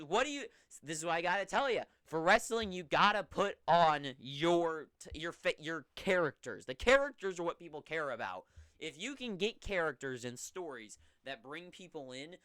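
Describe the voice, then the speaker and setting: A young man hosting a wrestling recap, talking in a casual, rambling, offhand way with sudden excited bursts. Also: mid-range voice, smooth, dry recording, clean studio sound.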